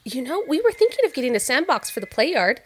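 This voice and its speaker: A gracious female artist who speaks with an animated, lilting rise and fall and a slightly high voice. She is sweet and effusive, gently probing the person she's talking to in an audio drama. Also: fast talker, husky, exaggerated voice. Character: gracious warm female artist, doctor's wife.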